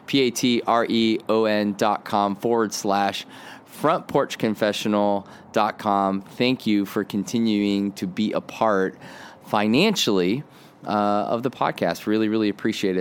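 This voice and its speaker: A man who pastors, hosting a casual devotional podcast from outdoors on a windy day, talking in a relaxed, rambling way with many fillers. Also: fairly low pitch.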